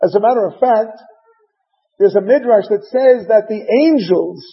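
A rabbi giving a sermon, retelling scripture in a dramatic, emphatic storytelling manner. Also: male voice, sits high, unhurried. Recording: dull lo-fi recording.

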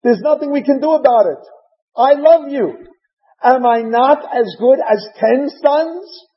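A man's voice: very high voice, a little slow, in a large hall, lo-fi sound, voice pushed up. A man voicing a loving husband who earnestly coaxes his weeping wife to stop crying. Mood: coaxing.

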